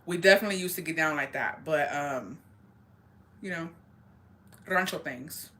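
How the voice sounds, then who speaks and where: Profane, animated young woman storyteller. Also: low voice, moderate pace. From rural area. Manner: profane, animated, swears constantly. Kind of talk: casual storytelling chat.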